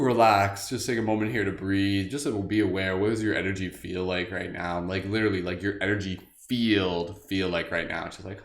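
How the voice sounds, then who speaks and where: A man's voice: fairly low pitch, brisk, roomy sound. A man hosting a live group meditation in a casual, joking way, rambling with lots of "like". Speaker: meditation host. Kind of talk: casual guided meditation livestream.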